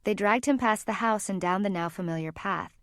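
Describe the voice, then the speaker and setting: Audiobook narrator, woman, even storytelling delivery, close and dry. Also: mid-range voice, a little fast, dry recording. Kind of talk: scripted narration.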